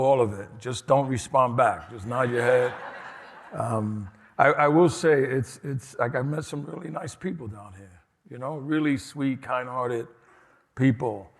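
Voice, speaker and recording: A man's voice: medium pitch, a little hiss or hum. A man from New York City with a New York accent, giving a casual, personal conference keynote with frequent restarts. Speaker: keynote speaker. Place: large conference hall. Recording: reverberant hall.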